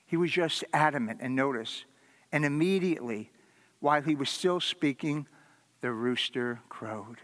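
A man preaching a sermon as a pastor, telling the story dramatically and swinging from loud to hushed. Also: on the high side, normal speed, long reverb tail.

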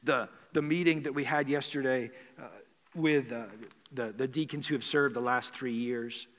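A man's voice: medium pitch, steady tone, moderate pace, fairly bright tone, big-room sound. A man preaching a sermon as a pastor, talking in a conversational way with rhetorical questions and frequent restarts.

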